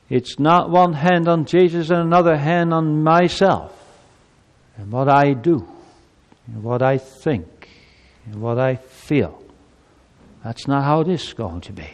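A man's voice: on the high side, lively intonation, takes it slowly, long pauses. A man preaching a sermon as pastor, building fervor and reading scripture aloud to his congregation. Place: church sanctuary. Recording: long hall reverb.

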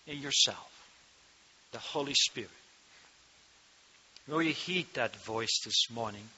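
A man preaching a sermon into a microphone to his congregation, slow and emphatic, rising to loud cries on key words, speaking with a turn of phrase. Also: a little high. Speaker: pastor. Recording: dull lo-fi sound.

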